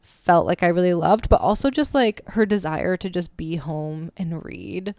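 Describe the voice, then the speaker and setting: A woman's voice: lowish voice, moderate pace, darkish tone, dry recording. A woman co-hosting a casual book club podcast, chatty and laughing often as she acts out quotes. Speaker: podcast co-host.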